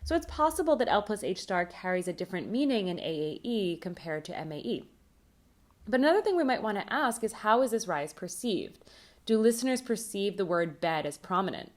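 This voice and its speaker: A woman presenting a recorded academic conference talk, reading a prepared script in a measured, explanatory way. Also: medium pitch, sing-song.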